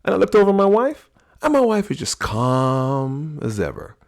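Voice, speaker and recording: A middle-aged man hosting a talk on personality types, telling a story in an animated way. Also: a little high, moderate pace, vocal fry. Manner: animated storyteller, acts out quoted voices. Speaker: podcast host teaching personality types.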